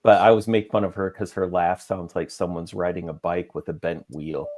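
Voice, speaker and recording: A man's voice: low voice, flat delivery, fairly quick, a little mellow. A man from California with a Minnesotan accent, a podcast guest speaking in a wry, self-deprecating way. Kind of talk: casual chat.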